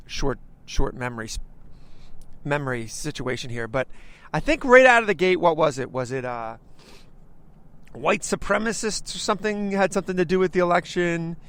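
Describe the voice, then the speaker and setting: A man's voice: a little high, a bit bright, smooth, dry recording. A man hosting a talk show, delivering an emphatic, ranting political commentary monologue full of stumbling restarts.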